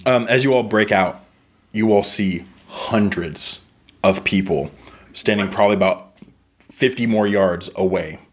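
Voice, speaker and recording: A man with a fairly low voice narrates a tabletop role-playing session as game master. He talks in an easy, conversational way, pausing on fillers as he sets the scene.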